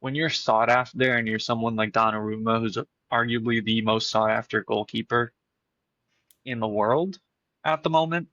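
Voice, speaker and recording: A man's voice: medium pitch, fairly even intonation, normal speed, sharp tone, no room sound. Man with a slightly dull lo-fi mic, musing. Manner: thoughtful, repeats words while forming a point. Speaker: podcast co-host. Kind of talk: casual football chat.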